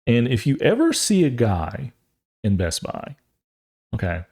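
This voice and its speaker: A man's voice: mid-range voice, huge pitch swings, measured pace, warm tone, breathy edge. A man in his thirties, a podcast host, telling a long rambling story in a casual way and acting out the voices of other people as he goes.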